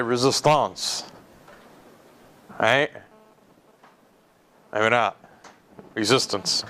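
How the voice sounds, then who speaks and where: A man's voice: a little high, a bit bright. A male instructor teaching a classroom of students in an easygoing, conversational way. He repeats his key words for emphasis and throws questions out to the room before answering them himself. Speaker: college electronics lecturer. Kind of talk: classroom lecture.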